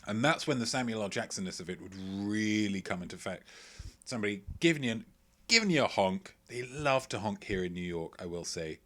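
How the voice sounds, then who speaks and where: A man's voice: lowish voice, fairly quick. Playful rambling man hosting a quiz. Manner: playful, rambling, jokey asides. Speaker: quiz host. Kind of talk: live-streamed quiz hosting, reading chat. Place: at home, indoors.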